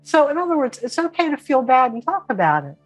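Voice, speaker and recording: A woman teaching an online spiritual class in a casual, animated way, now and then mimicking whiny voices. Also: high voice, fast, breathy edge, soft background music, poor audio.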